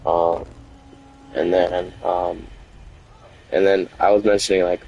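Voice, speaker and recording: A man with a fairly low voice vents to his stream about a fight, circling back over the same points. He sounds aggrieved and keeps repeating himself as he rambles. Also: flat delivery, normal speed, long pauses, darkish tone, lo-fi sound. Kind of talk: venting to stream about a relationship argument.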